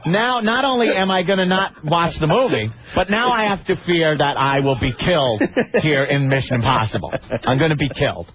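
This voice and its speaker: A man's voice: a little high, a little fast, few pauses. A man co-hosting a radio talk show, telling a story animatedly and acting out the people in it. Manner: animated, acts out the people in his stories. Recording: tinny phone-like radio audio.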